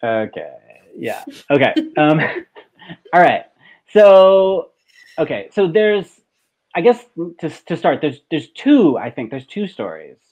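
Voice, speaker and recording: A man talking as a guest in a casual, hesitant way, full of restarts. His voice sits a little high and reaches the listener through a tinny, phone-like video call. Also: sing-song, slow pace, a little mellow. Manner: hesitant, many ums and restarts. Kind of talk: casual discussion.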